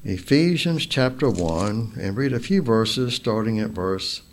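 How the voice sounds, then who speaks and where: A man preaching a sermon in a slow, deliberate way, stressing single words and reading scripture aloud. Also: lowish voice, expressive. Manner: reads scripture aloud in King James wording.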